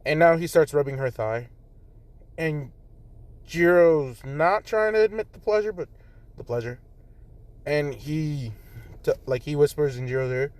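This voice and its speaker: A man's voice: fairly high pitch, expressive, a little slow, pauses often, a little mellow. Rambling man telling a story by phone. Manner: rambling, constant "like" fillers. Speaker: fan fiction storyteller. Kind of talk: casual improvised storytelling.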